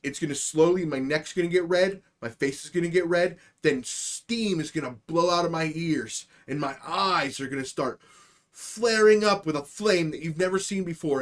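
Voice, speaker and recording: Excitable, foul-mouthed male streamer. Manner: loud, profane and excitable, jumping between shouting and low mutters; spins absurd hypothetical stories for the chat. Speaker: host of a live stream show. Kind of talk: casual comedic live-stream rant.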